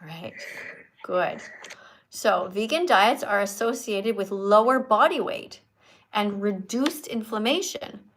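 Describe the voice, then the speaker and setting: A woman's voice: medium pitch, lively intonation, slow pace, a bit bright, slight background noise. A woman hosting a livestream, lecturing her viewers in an emphatic, preachy, teacherly way. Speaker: livestream host and vegan activist.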